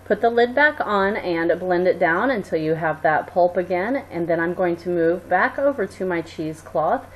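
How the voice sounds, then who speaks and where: A woman hosting a cooking video, explaining each recipe step in a steady, instructive way. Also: fairly low pitch, normal speed, muffled recording, a little hiss or hum. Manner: steady, instructive, friendly sign-off. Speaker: cooking show host. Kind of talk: scripted cooking demonstration.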